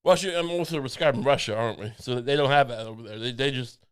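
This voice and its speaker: A man's voice: mid-range voice, racing, fairly bright tone, smooth. A young man co-hosting a comedy podcast, joking and rambling with lots of restarts. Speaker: podcast co-host. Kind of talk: casual comedic chat.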